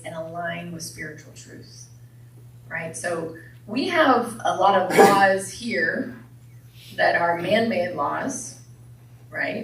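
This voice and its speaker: A woman's voice: mid-range voice, a bit bright. A woman preaches to a church congregation in a light, joking way, often asking them questions. Her voice sits mid-range and carries the echo of a large hall. It is picked up from a distance, with faint room noise behind it. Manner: playful, asks the congregation questions. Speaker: minister. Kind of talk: sermon with jokes.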